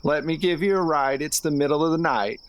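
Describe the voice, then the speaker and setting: A man's voice: a little high, steady tone, fairly quick, a little hiss or hum, close to an everyday voice. A man voicing a small-town sheriff who presses insistently and repeats himself.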